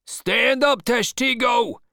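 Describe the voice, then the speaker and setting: Brief: male narrator as a storybook whaling mate, bellowing orders in a strained high voice, dry sound. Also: takes it slowly, vocal fry, dry recording, full character voice. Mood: shouting. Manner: shouting orders.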